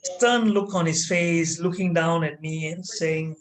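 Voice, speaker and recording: A man telling a personal story as a trainer, animated and dramatic with hesitant fillers, over a video call. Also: a little high, a little slow, a little hiss or hum, rough recording. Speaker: corporate trainer.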